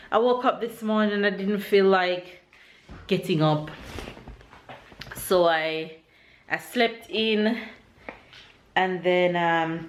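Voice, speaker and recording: A young Jamaican woman, a mother, chatting casually to camera at home in a relaxed vlog style, laughing often and going very high-pitched when excited. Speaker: vlogger, mother. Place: at home indoors.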